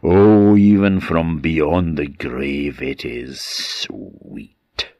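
A man's voice: very deep voice, drawn-out words, gravelly, a little mellow, dry recording, heavily acted. An Orcadian man voicing a sneering vengeful ghost-possessed man. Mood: gloating. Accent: Orcadian Scottish.

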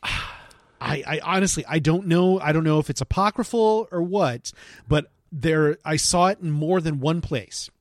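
A man's voice: a little high, measured pace, dry recording, studio quality. A man co-hosting a podcast in casual chat, joking and teasing, swearing casually. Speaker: podcast co-host.

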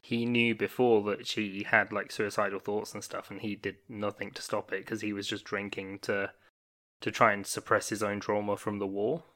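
A man's voice: fairly low pitch, level tone, normal speed, fairly bright tone. A man co-hosting a casual film chat podcast, earnest in his points and laughing at his own remarks. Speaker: podcast co-host.

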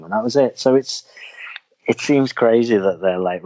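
A man with a very low voice talks casually as a podcast co-host, rambling along with an animated, chatty manner. The sound is somewhat dull and lo-fi. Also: moderate pace. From Wales. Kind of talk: casual chat.

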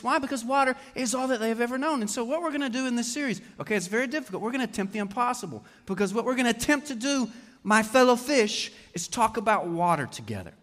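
A man preaching a sermon to a congregation in an animated way, often putting questions to his listeners. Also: high voice. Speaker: pastor. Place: church hall with congregation. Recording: long hall reverb.

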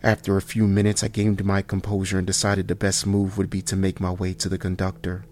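A man narrating a first-person horror story in a slow, hushed delivery that sometimes drops to near whispers. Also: sits low, completely flat delivery.

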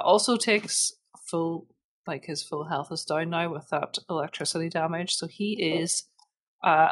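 A woman narrating as game master of a tabletop role-playing game, relaxed and giggly with many fillers. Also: lowish voice.

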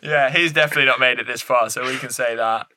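A man's voice: medium pitch, fairly even intonation, fast, pushed and bright. A young man co-hosting a podcast, tossing off joking opinions in casual chat. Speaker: podcast co-host.

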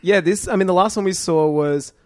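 A man's voice: high voice, a little fast, no echo. A man co-hosting a casual gaming podcast, rambling and laughing often. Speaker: podcast co-host.

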